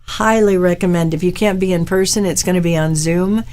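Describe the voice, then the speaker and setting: A woman's voice: on the low side, fairly even intonation, brisk, darkish tone. A middle-aged woman from Florida hosting a live talk stream, chatting casually and wandering into asides. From Tampa, Florida. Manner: chatty, rambling with asides and tangents. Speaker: talk show host and hypnotherapist.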